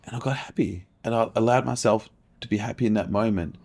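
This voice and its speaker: A middle-aged man, a podcast guest telling a personal story candidly, animated and emphatic, swearing freely. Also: lowish voice, fast talker, creaky. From Australia.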